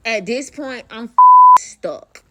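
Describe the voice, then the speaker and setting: A young adult woman telling a personal story in casual storytime style, animated and profane, talking straight to the listener. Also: fairly high pitch, takes it slowly, very noisy.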